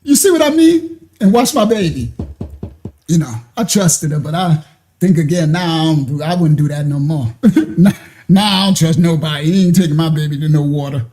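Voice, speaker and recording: Laughing man telling a lively story. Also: fairly high pitch, normal speed. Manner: animated, laughs often, acts out quoted voices. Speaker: show host telling a personal story. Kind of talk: casual storytelling.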